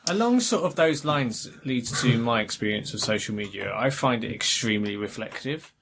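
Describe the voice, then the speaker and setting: A man speaks earnestly and reflectively in a casual podcast chat. His voice sits at a middle pitch, with faint background noise and clicks under it. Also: expressive, moderate pace. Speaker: podcast co-host.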